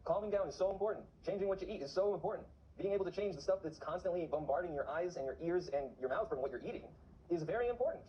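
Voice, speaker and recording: A man's voice: sits high, very fast, lo-fi sound, a little hiss or hum. A man talking to camera in a casual vlog, urgently exhorting his viewers. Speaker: vlogger on remote viewing.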